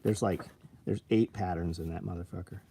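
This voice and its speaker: A man's voice: low voice, fairly even intonation, a little fast, gravelly, very noisy. A man hosting a casual livestream about gear, talking bluntly with lots of swearing and angry rants. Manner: profane, blunt, swings between rambling and angry ranting. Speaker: livestream host selling tactical gear.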